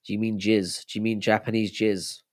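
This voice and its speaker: A man's voice: lowish voice, flat delivery, moderate pace. A young man hosting a casual live stream, chatting loosely and answering viewers' messages as he reads them out. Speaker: livestream host.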